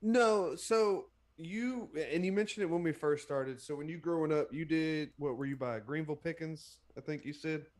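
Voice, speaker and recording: A man co-hosting a racing podcast, asking questions in a halting way as he searches for words. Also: on the high side, a little mellow. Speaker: podcast co-host. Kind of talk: casual podcast chat.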